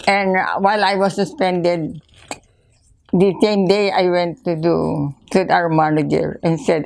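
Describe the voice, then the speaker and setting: Older Filipino woman with a gravelly voice. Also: on the low side, flat delivery, darkish tone. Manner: halting, repeats words, mixes in Tagalog. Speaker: interviewee. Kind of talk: casual storytelling interview.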